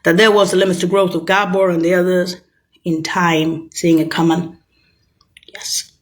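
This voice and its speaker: A woman's voice: on the low side, flat delivery, unhurried. A woman in a rambling, profane, sarcastic monologue, agitated and mocking. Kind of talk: ranting monologue to camera.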